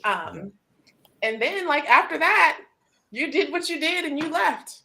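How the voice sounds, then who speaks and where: A woman hosts a relaxed group conversation, recounting events with lively, animated delivery. Her voice sits a little high and she scatters fillers and laughs through her talk. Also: unhurried. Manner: animated storytelling with frequent "like" and laughter. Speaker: host. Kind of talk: casual group chat.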